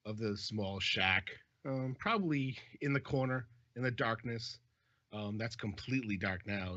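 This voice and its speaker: A man narrating a tabletop horror game as dungeon master, describing scenes with many pauses. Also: low-pitched, sharp tone, dry recording. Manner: descriptive, hesitant with fillers. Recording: dull dry lo-fi audio.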